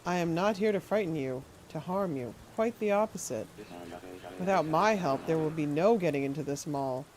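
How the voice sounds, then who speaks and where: A woman reading aloud as a creepy older man in a game. He speaks slowly and ominously and calls himself a guardian. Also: deep voice, expressive, darkish tone, a little hiss or hum. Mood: menacing.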